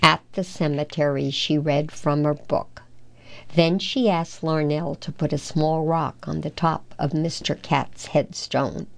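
A woman reading a children's storybook aloud in an unhurried, careful way. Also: low-pitched, fairly even intonation, creaky. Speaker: storybook reader.

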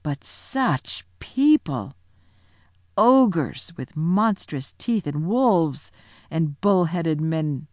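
A woman narrating a children's storybook aloud with expressive, dramatic delivery. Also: fairly low pitch, dry recording, studio quality. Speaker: audiobook narrator.

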